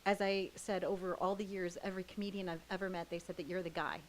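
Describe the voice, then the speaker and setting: A woman's voice: lowish voice, little pitch movement, quick pace, a little hiss or hum. A woman hosting her show, chatting enthusiastically with comedians backstage at a theater. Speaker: show host and interviewer. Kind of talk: backstage interview. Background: audience filling the theater.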